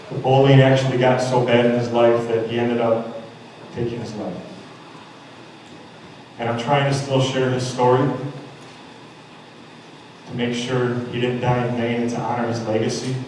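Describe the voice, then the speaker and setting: A man's voice: medium pitch, darkish tone, slight background noise. Man telling stories at a school assembly. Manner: storytelling, acting out quotes, emphatic. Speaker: motivational speaker. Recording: echoey hall heard from far off.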